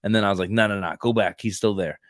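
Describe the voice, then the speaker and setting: A man with a low voice tells a story in casual podcast chat, slipping into the voices of the people he quotes. He rambles a little and keeps circling back. The recording is dry and close. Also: fairly even intonation, fast, dry recording. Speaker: podcast co-host; Marine reservist.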